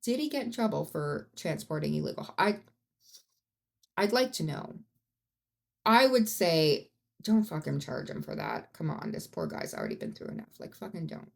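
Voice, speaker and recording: A woman hosts a true-crime podcast in loose, chatty storytelling. Her voice sits low and has a gravelly, fry-heavy texture. She swears freely and talks bluntly, often rising into sudden outbursts. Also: wildly swooping pitch, moderate pace. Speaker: podcast host.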